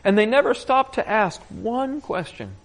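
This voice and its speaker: A man preaching in a conversational way, telling stories with animation and often clearing his throat. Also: high-pitched, measured pace. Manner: animated storytelling. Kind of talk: conversational Bible teaching.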